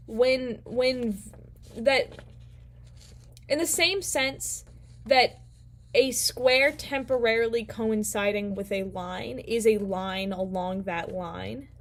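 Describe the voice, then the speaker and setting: A woman casually recapping a book as a vlog host, playful and rambling with slang. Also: on the high side. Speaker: book vlogger.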